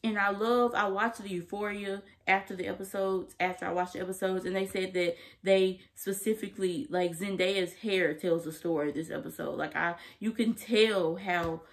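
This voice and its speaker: A young woman casually recapping a TV episode to camera, animated and emphatic, full of slang and laughter. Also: mid-range voice, normal speed, few pauses. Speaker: TV episode reviewer.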